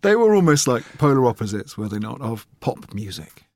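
A man's voice: medium pitch, big pitch swings, fairly quick, dry recording, studio quality. A man hosting a podcast, prompting his guest with teasing remarks and questions. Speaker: podcast host. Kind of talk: casual chat.

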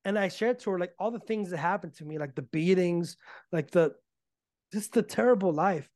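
A man being interviewed, telling his story in a casual, animated way and acting out the arguments he reports. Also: high voice, moderate pace, dry recording, clean studio sound. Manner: animated, acts out quoted arguments. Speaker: podcast guest.

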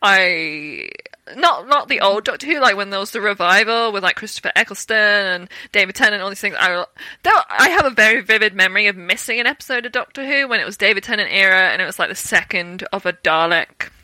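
Young british woman, bright crisp tone, dry close sound, lively storyteller. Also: mid-range voice, fairly quick, no echo. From Britain. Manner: animated storytelling with acted-out quotes and laughter. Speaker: guest, actor. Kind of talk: casual interview chat.

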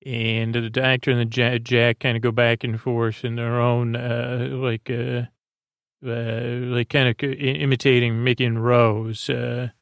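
Brief: male podcast host, gravelly low-mid voice, loose rambling recap, dry close sound. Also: little pitch movement, measured pace, dry recording. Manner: rambling, many fillers and self-corrections. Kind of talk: casual episode recap.

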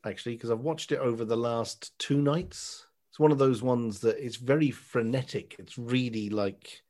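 A man's voice: mid-range voice, normal speed, a little mellow. A man with a mid-range voice talks through a casual podcast chat. He is blunt and wry, and he swears in an offhand way. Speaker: podcast co-host.

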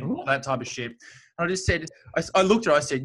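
A man's voice: on the high side, lively intonation, fast talker, a bit bright. A man, a stand-up comedian, telling brash, sweary stories in casual chat.

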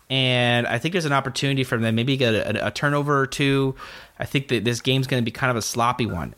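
Male podcast host, easygoing sports chat, chuckles a lot. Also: mid-range voice. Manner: relaxed, laughs often, many fillers. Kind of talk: casual sports betting chat.

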